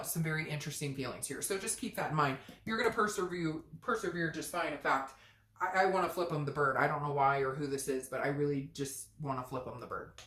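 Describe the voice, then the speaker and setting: A woman giving a chatty, blunt tarot reading who swears freely and acts out little quoted voices. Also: low-pitched. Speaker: tarot reader. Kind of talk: casual tarot reading to camera. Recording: echoey room.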